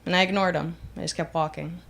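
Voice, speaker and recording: A woman in her thirties doing a stand-up set on a club stage, deadpan with dark jokes, laughing at her own lines. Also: fairly low pitch, fast, vocal fry, slight background noise. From United States. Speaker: stand-up comic.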